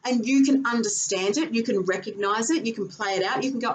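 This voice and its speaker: A woman's voice: fairly high pitch, a little fast, few pauses, slight background noise, rough recording. A middle-aged woman giving a casual astrology lesson, emphatic and repetitive, now and then swearing. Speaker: astrology teacher. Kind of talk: casual teaching talk to camera.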